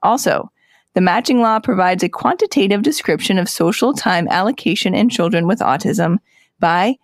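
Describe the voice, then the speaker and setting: A woman's voice: mid-range voice, no room sound. Woman, podcast co-host, upbeat and teasing, reads titles cleanly, dry close sound. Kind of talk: casual podcast chat.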